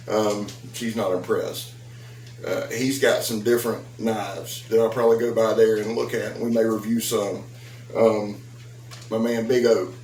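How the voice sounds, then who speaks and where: A man talks in a loose, folksy ramble, full of asides. His voice sits on the low side. It sounds roomy, as if he stands back from the mic in an echoey room. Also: darkish tone, recorded from a distance, slight background noise. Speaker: knife reviewer and seller. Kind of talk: casual vlog. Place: at home with dogs.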